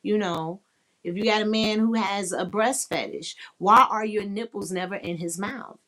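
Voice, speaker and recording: A woman's voice: medium pitch, moderate pace, sharp tone. A woman hosting a podcast and chatting casually with listeners, talking in a blunt, explicit, candid and playful way. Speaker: podcast host. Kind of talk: frank casual live chat.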